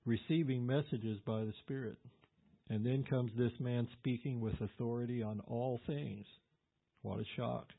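Male pastor, husky voice, easygoing verse-by-verse Bible teacher; phone-thin tinny audio. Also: mid-range voice, fairly even intonation, a little slow. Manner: conversational, with fillers and asides.

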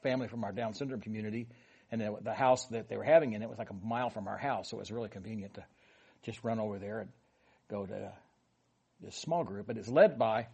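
A man's voice: lowish voice, fast talker, vocal fry, dark tone, breathy edge. A man leading a Bible study with a prayer, then teaching in a casual, rambling way with many asides and fillers.

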